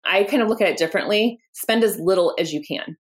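A woman's voice: mid-range voice, fast. A woman in her thirties, a company founder, telling her story candidly in an interview, acting out quoted dialogue and laughing often. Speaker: founder and guest.

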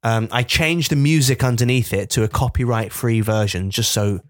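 A man's voice: mid-range voice, fairly even intonation, normal speed, no room sound, studio quality. A man co-hosting a comedy podcast, chatting casually, with lots of fillers and easy laughter. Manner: hesitant, filler-heavy, laughs easily. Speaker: podcast co-host.

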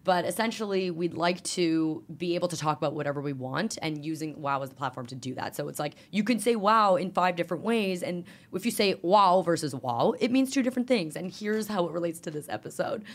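A young woman, a stand-up comedian chatting as a podcast guest, animated and swearing freely. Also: lowish voice, fast talker, few pauses. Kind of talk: casual podcast chat.

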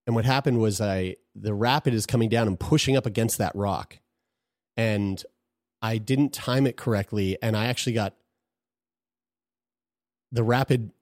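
A man's voice: fairly low pitch, a little mellow, dry recording, clean studio sound. A man telling a personal story in casual conversation, frank and profane, often restarting his sentences.

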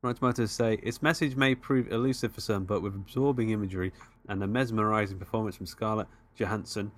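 A man's voice: on the low side, fairly even intonation, quick pace. A man co-hosting a podcast, laid-back and teasing in casual chat. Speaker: podcast co-host.

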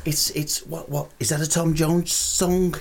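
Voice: mid-range voice, little pitch movement, unhurried, vocal fry. A performer playing a foul-mouthed, volatile male psychic medium who swears constantly and snaps into sudden rages, a guest in an improvised comedy podcast. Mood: breezy.

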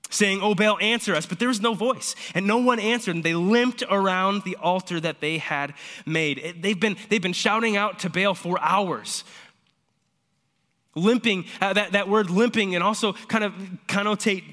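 A man preaching a sermon, retelling scripture in lively, casual everyday speech. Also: sits high, normal speed, big-room sound. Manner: animated storytelling, paraphrasing scripture in casual modern speech. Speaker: pastor.

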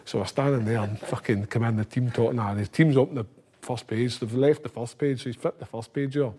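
A man's voice: mid-range voice, fairly even intonation, brisk, warm tone, breathy edge. A middle-aged Scottish man, a former footballer, telling rambling anecdotes and swearing freely. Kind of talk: casual anecdotal storytelling.

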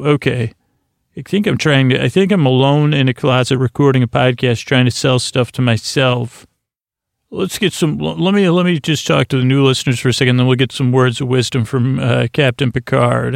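A man hosting a bedtime podcast in a soft, lulling, creaky voice, meandering goofily through asides and restarts, recorded in a closet. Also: mid-range voice, fairly even intonation, moderate pace, no echo, clean studio sound. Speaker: podcast host. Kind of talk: rambling bedtime podcast monologue.

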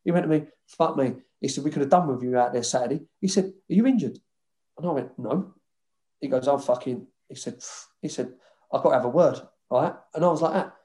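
With a mid-range voice and a fast pace, a man who once played football swears his way through lively anecdotes in a casual interview, acting out the dialogue.

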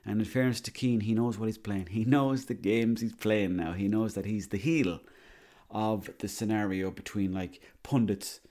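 A man's voice: on the low side, fairly even intonation, normal speed, warm tone. A man telling a rambling, boastful comic monologue, swearing freely.

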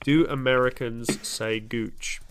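A man's voice: medium pitch, steady tone, slow pace, background noise. A young man co-hosting a podcast, teasing his friend with dry humour. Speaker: podcast co-host. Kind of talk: casual banter.

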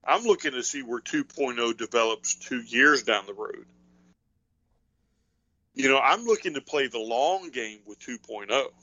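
A man's voice: mid-range voice, expressive, a little slow, pushed and bright, dry recording, low-quality recording. A man co-hosting a podcast, talking casually in a rambling way and thinking aloud with lots of fillers. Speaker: podcast co-host. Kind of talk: casual wrestling chat.

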